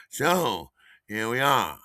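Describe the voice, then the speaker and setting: A man's voice: medium pitch, no echo, clean studio sound. A man hosting his own show, telling a story casually in a rambling way with frequent chuckles and repeated words. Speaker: podcast host.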